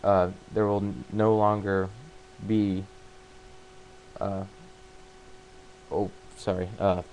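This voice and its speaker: Man with a low, even delivery, casually retelling a story; stumbles and restarts often. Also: slight background noise, poor audio. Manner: halting, full of fillers and restarts. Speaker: book summarizer. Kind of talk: casual spoken plot retelling.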